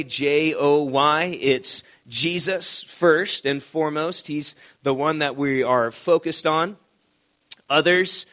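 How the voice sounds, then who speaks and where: A man's voice: a little high, fairly bright tone. Give me a male pastor giving a chatty, conversational sermon. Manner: conversational, storytelling with quoted voices.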